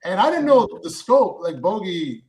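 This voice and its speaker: A man who works as an actor, telling a long story in a rambling, halting way. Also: high voice, sing-song, a little mellow. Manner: rambling, halting, with many fillers and restarts. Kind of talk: casual storytelling.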